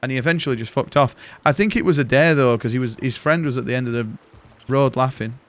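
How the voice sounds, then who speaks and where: A man's voice: mid-range voice, quick pace. A man, a game streamer casually telling rambling stories and swearing freely. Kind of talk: casual chat while gaming.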